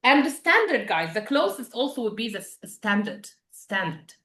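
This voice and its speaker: A woman teaching an English vocabulary class, patient and quick with praise as she explains words. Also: a little high, very animated, fairly bright tone, roomy sound.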